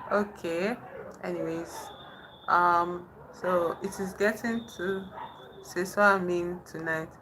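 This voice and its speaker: A woman casually chatting on a livestream with viewers, haltingly trying out French phrases. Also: fairly low pitch, background noise. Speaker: livestream host. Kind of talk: casual live chat with viewers. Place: indoors in the dark at night.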